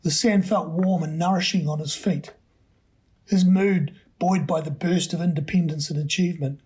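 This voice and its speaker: A man, a podcast host, reading a short story aloud in a measured, expressive way. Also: a little high, slightly rough.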